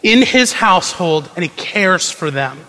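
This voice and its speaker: A man's voice: high-pitched, lively intonation, a little slow, bright, forceful tone, long reverb tail, rough recording. A man preaching a sermon in a conversational way, acting out quoted prayers and tossing asides to the congregation. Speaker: pastor.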